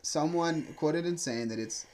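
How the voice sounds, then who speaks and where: A man co-hosting a casual podcast chat, animated and swearing freely. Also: a little high, measured pace, slight background noise. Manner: animated, swearing, laughs while talking. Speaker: podcast co-host.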